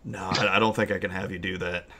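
Low-voiced man running a tabletop game. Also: little pitch movement, very noisy. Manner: halting, searching descriptions with many fillers. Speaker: game master.

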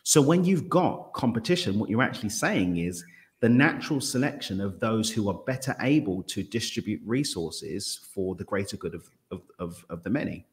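A man with a lowish voice, speaking as a podcast guest. He talks in long, thoughtful stretches, sometimes stumbling and restarting when an idea runs ahead of him. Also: moderate pace. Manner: reflective, expansive, stumbles over words when excited. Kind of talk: casual conversational interview.

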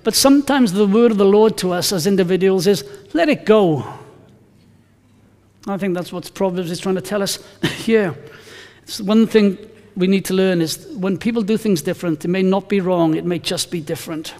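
Male pastor, conversational sermon, high voice, long church-hall reverb. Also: brisk, hardly any pauses, a little mellow. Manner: conversational, anecdotal, emphatic scripture reading.

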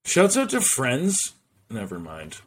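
A man's voice: medium pitch, huge pitch swings, slow pace, breathy edge. A man hosting a solo podcast, rambling loosely from one thought to the next and swearing freely. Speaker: podcast host.

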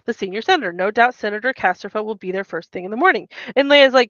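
A woman's voice: medium pitch, expressive, fast talker, few pauses, a bit bright, no echo. Woman podcast host, casual recap, acts out quotes, muffled lo-fi sound. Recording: dull muffled mic.

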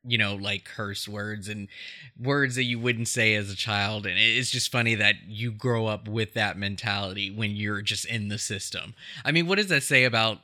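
A man's voice: fairly low pitch, normal speed, bright, forceful tone. A man hosting a podcast, chatting casually about a film with many fillers and frequent laughs. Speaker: podcast host.

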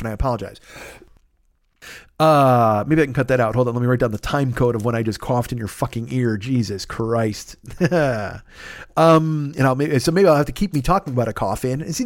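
A man in his fifties hosting a casual solo podcast, rambling, excitable and full of profanity. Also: mid-range voice, no echo, studio quality. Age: 50s. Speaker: podcast host.

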